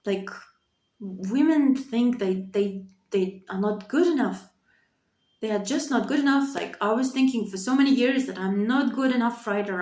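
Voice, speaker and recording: A woman's voice: medium pitch, a little mellow. A woman in her thirties talking candidly to camera in her bedroom, earnest and repetitive, swearing freely as she opens up. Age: 30s. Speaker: vlogger. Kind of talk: candid personal monologue. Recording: echoey room.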